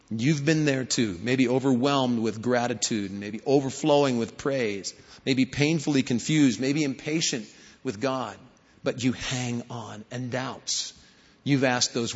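A man's voice: medium pitch, measured pace. A man preaching a sermon, telling stories and rising to emphatic questions. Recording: hall reverb, dull lo-fi sound.

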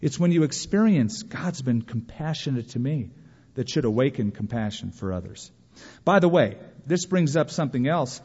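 Animated male preacher in a reverberant hall. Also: mid-range voice, normal speed, husky. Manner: animated, acts out imagined complaints in a raised voice. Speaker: pastor. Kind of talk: sermon. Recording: dull lo-fi sound with long reverb of a large hall.

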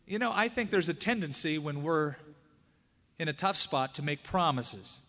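A male pastor preaching a conversational sermon, with big swings between loud emphatic peaks and hushed, low asides. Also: lively intonation, moderate pace. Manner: conversational preaching, acting out quoted prayers and dialogue. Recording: hall reverb.

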